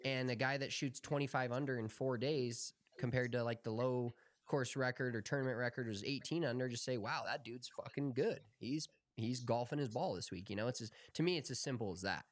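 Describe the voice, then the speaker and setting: A man co-hosting a golf podcast, talking in a relaxed, opinionated way and swearing casually. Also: medium pitch, brisk, no echo, clean studio sound. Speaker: podcast co-host.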